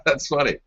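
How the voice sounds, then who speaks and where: A man's voice: bright, forceful tone, lo-fi sound, slight background noise. A man hosting a rambling political talk show, answering live chat in a combative, mocking and sarcastic way.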